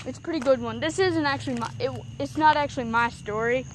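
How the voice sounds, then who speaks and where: A woman's voice: high voice, fast. A teenage girl chatting casually and rambling as she vlogs outdoors in the countryside. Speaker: vlogger. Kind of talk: casual vlog chat. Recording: phone recording outdoors with background noise.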